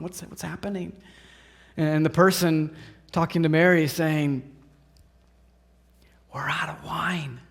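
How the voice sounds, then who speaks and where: Guy pastor with a higher voice, preaching, acts out the story, really animated. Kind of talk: sermon. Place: church.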